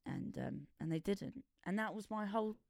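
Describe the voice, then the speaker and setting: A woman's voice: medium pitch, animated, moderate pace, vocal fry, a little mellow, no room sound, studio quality. A woman guest in a casual podcast conversation, speaking candidly and bluntly and swearing freely. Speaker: guest, musician and visual artist.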